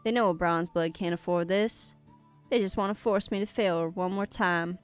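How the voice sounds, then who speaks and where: A grieving, bitter young troll girl with a put-on American Southern drawl, as a woman reads her in a game. Her voice sits fairly low and comes through smooth and clean, and she speaks in a clipped, hurt way. It sounds like a game character being read aloud. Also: steady tone, moderate pace, faint music behind, close to an everyday voice. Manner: curt, hurt and dismissive.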